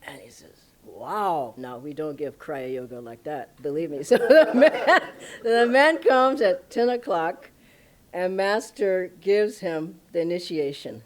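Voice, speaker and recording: A woman spiritual teacher telling stories at a satsang, emphatic and animated, often breaking into laughter. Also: lowish voice, a little slow. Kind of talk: storytelling satsang talk. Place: ashram satsang hall.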